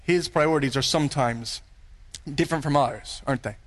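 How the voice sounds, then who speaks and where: A pastor delivering a sermon in an earnest, emphatic way, full of rhetorical questions. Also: male voice, mid-range voice, moderate pace.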